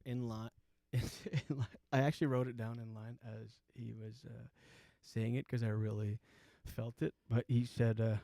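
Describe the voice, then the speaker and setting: A man's voice: mid-range voice, little pitch movement, a little slow, gravelly, few pauses, warm tone, no room sound, clean studio sound. A man in his forties hosts a comedy show and tells rambling stories, laughing as he goes. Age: 40s. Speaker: host. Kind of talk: comedic storytelling chat.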